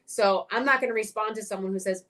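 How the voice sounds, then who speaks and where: A middle-aged woman speaking as an interview guest, direct and frank, swearing and getting animated when she tells stories. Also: mid-range voice, quick pace. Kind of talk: casual interview chat.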